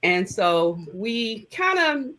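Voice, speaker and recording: A middle-aged woman, a guest in an interview, recounting personal memories in a reflective, heartfelt way with halting phrases. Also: fairly high pitch, big pitch swings, bright, forceful tone, poor audio.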